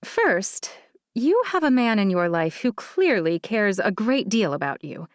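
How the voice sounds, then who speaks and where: A woman narrating an audiobook, voicing a kind, frank older female social worker who speaks gently and candidly. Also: medium pitch, very animated, measured pace, no room sound, studio quality. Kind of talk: audiobook character voice.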